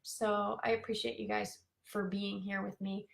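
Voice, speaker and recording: A woman's voice: medium pitch, level tone, normal speed, creaky. A woman life coach talking live to her viewers in a bubbly, chatty way, with many fillers. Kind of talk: live-streamed coaching talk.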